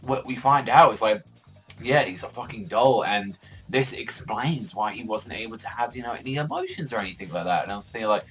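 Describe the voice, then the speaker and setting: A man with a lowish voice talks through a manga chapter in a loose, unscripted vlog. He rambles, leans heavily on "like" as a filler, and swears freely as he goes. Faint music plays underneath. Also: expressive, fairly quick, fairly bright tone, poor audio. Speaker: anime and manga reviewer. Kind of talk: casual review vlog.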